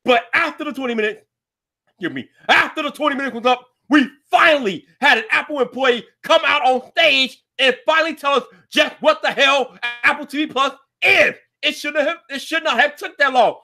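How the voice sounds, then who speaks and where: High, bright-voiced ranting man. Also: moderate pace. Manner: loud, exasperated, swearing, frequent shouting. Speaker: show host. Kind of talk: ranting tech talk show.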